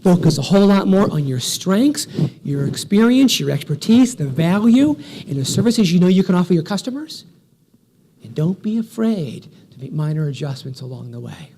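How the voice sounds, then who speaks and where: A man's voice: high-pitched, sing-song, moderate pace, gravelly, mellow, slight background noise. A man in his forties giving a motivational keynote speech, telling stories with energy and a punchy rhythm. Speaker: keynote speaker.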